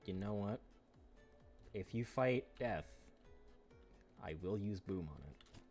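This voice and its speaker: A man's voice: fairly low pitch, expressive, takes it slowly, darkish tone. A man chatting casually while playing a card game on a stream, joking and cursing, sometimes humming and beeping to himself. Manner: swearing, joking, hums and beeps to himself. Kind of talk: casual game-night banter. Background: faint music.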